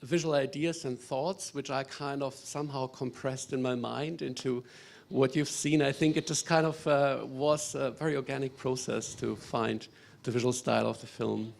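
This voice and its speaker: A man with a gravelly, creaky voice at mid pitch. He speaks about his camera work on a festival panel, pausing and searching for words. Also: fairly even intonation. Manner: hesitant, searching, with many fillers. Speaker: cinematographer. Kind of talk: casual panel talk.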